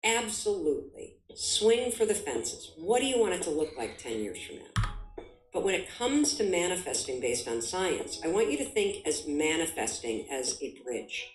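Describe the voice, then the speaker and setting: A woman's voice: low-pitched, big pitch swings, normal speed, echoey room, rough recording. A woman giving an emphatic motivational talk as a guest, full of vivid examples. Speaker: guest speaker.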